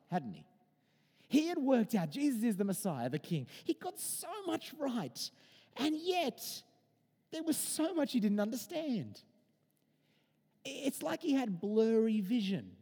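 A man in his thirties preaching in a chatty, animated way, his mellow voice swinging widely in pitch. He talks from a church, and his words hang in a long reverb. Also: unhurried, husky. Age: 30s. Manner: animated, conversational preaching with personal anecdotes. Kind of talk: sermon.

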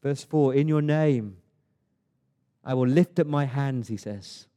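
A man preaching a sermon as pastor, rising to emphatic lists of praise and easing into quiet prayer. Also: mid-range voice, takes it slowly, long pauses. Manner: builds to emphatic praise, then drops to a soft prayer.

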